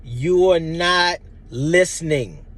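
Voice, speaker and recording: A man's voice: fairly high pitch, slow, fairly bright tone. A man in his thirties giving an impassioned, blunt personal monologue, emphatic and profane. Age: 30s. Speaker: vlogger.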